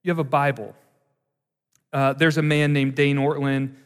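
A male pastor preaching a sermon in a conversational, animated way, with asides to the congregation. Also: medium pitch, normal speed, smooth. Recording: long hall reverb.

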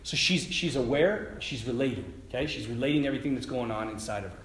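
A man, a priest, giving an informal sermon at a prayer retreat, animated and laughing as he tells stories. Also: medium pitch, quick pace, a little hiss or hum. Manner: animated, laughing, conversational storyteller. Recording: echoey room.

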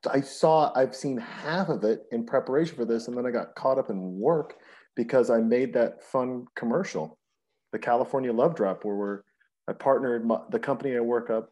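A man's voice: medium pitch, normal speed, mellow. An American man co-hosting a casual podcast, telling stories in an enthusiastic, rambling way. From United States. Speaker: podcast co-host. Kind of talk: casual chat.

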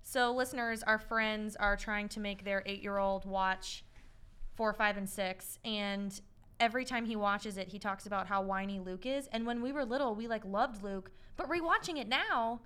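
Young woman podcast host, smooth clear voice, chatty and laid back, drops a swear here and there. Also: mid-range voice, normal speed, fairly bright tone. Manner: chatty, laughs often, swears casually. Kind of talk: casual chat.

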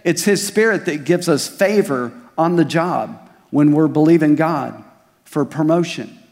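A man's voice: a little high, measured pace, vocal fry, darkish tone, in a large hall. A male pastor preaching a sermon, mixing scripture with personal stories and rhetorical questions. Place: church service at a community center.

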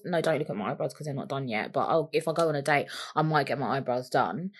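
A woman's voice: sits low, lively intonation, fast, a bit bright. A young woman hosting a solo podcast, rambling, cheeky and swearing freely as she chats into the microphone. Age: young adult. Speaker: podcast host.

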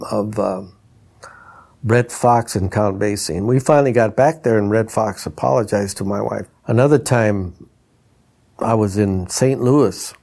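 With a lowish, creaky voice and a measured pace, an older man tells anecdotes from his life as a retired trumpeter and instrument designer. He's animated, acting out the voices of the people he quotes.

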